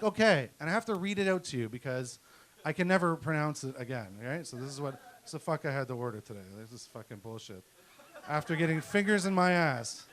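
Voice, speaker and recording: A middle-aged male comedian tells crude, profane stories in a ranting stand-up style. His voice sits a little on the high side for a man. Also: a bit bright. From Canada. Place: comedy night at a venue with an audience.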